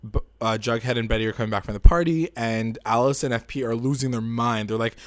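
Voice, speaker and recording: A man's voice: mid-range voice, brisk, hardly any pauses, no room sound. Man, casual recap chat, rambling, opinionated, lots of "like", dry close mic. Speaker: podcast co-host.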